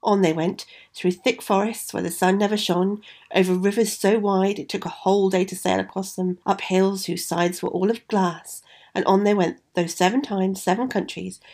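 A woman reads a fairy tale aloud at an even, expressive pace. Her voice has a gravelly edge and a husky grain. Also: medium pitch, moderate pace. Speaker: storyteller.

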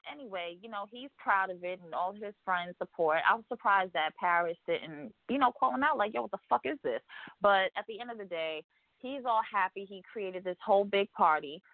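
A woman's voice: mid-range voice, no echo. A woman co-hosting a radio show, recapping reality TV gossip in a sassy, profane, rambling way. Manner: sassy, profane, rambling storytelling with mimicked quotes. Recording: dry, phone-like narrow sound.

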